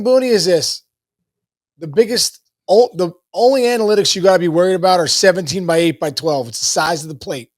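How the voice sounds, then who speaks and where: A man talks as a podcast guest in an upbeat coaching tone, often repeating his words. His voice sits high. The sound is dry and close. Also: dry recording. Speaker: podcast guest, former ballplayer. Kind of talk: casual podcast conversation.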